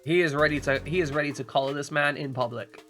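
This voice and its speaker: A man's voice: fairly high pitch, fast talker, pushed and bright, faint music behind. A man streaming a game in casual chat, joking and swearing and often repeating his words as he talks.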